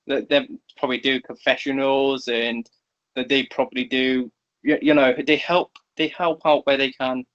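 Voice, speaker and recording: A man describing his character in a tabletop game, halting and searching for words. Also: mid-range voice, little pitch movement, fairly bright tone. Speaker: player. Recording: dull lo-fi recording.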